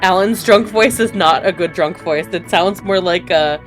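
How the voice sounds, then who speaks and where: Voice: mid-range voice, normal speed, soft background music. A gameplay streamer giving casual, joking commentary while playing. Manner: chatty, joking asides. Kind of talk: casual let's-play commentary.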